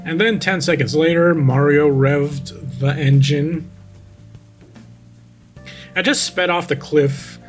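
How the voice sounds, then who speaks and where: Male vtuber, slightly high voice, mocking story reader, close mic, faint guitar behind. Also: takes it slowly, long pauses. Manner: sarcastic, interrupts the story to make fun of it. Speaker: vtuber reading a creepypasta. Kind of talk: reading a story aloud with mocking commentary.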